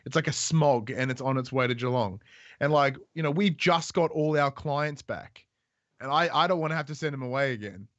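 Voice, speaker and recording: A man's voice: mid-range voice, brisk, a bit bright. A man who works in day programs, talking earnestly and a bit rambling on a video call. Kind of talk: casual group video chat. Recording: dull dry call audio.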